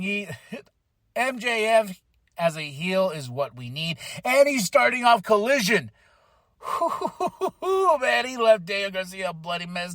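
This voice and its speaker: A man hosting a podcast, reviewing a wrestling show in casual chat, animated and acting out wrestlers' lines. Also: a little high, no echo, studio quality. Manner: animated, acts out wrestlers in quotes, swears. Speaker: podcast host.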